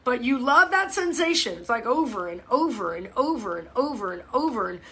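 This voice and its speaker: A woman's voice: a little high, a little fast. A middle-aged woman fitness coach chatting casually to viewers on a live stream from her phone. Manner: chatty, animated, talks straight to viewers.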